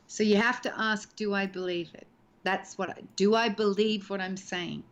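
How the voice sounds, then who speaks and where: Speaking at a normal speed with a medium pitch and fairly even intonation, this actress in her sixties is a guest on a video-call interview from her home. She's animated, discussing acting expressively and performing lines to illustrate her points.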